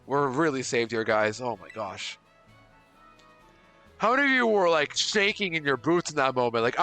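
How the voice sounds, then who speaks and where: A man streaming a video game live, chatting with his viewers and swinging from panicked outbursts to relaxed chatter. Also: on the high side. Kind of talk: live gameplay commentary. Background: faint game music.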